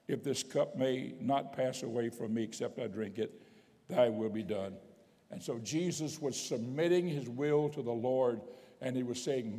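A man's voice: medium pitch, mellow. A man preaching a sermon as bishop, emphatic, repeating key phrases for weight. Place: church sanctuary. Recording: long church reverb.

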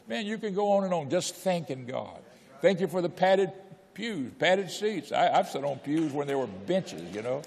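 A man's voice: on the high side, very animated, moderate pace, creaky, husky, long reverb tail. An older man preaching a sermon, exhorting with repetition and telling folksy personal stories. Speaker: pastor.

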